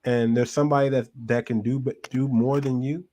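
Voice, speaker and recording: A man's voice: mid-range voice, fairly even intonation, fairly quick, mellow, a little hiss or hum. A man hosting a reaction show, giving casual commentary with emphatic repetition and frequent restarts.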